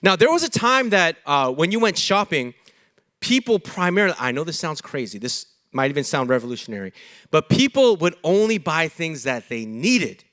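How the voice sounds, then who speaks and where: A man's voice: fairly high pitch, normal speed, no echo, studio quality. A young adult man preaching a sermon in church, joking and acting out quoted dialogue. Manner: animated, jokey, acts out quoted dialogue. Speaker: pastor.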